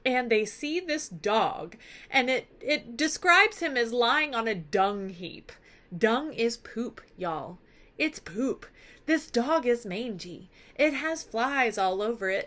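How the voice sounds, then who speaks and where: A woman teacher talks through a story for her students in a casual, expressive way. Her voice is bright and forceful and sits a little high. She swings into playful drama as she explains. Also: takes it slowly. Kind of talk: casual lesson recap.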